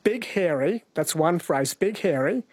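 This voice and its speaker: A man hosting a radio quiz, playful in casual chat and reading questions slowly. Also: fairly high pitch, expressive, no room sound. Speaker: radio host.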